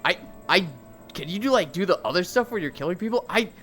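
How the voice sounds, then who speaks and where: A woman's voice: lowish voice, animated, fast, a bit bright, faint music behind, voice pushed up. A woman voicing an uneasy male superhero who stammers and hesitates.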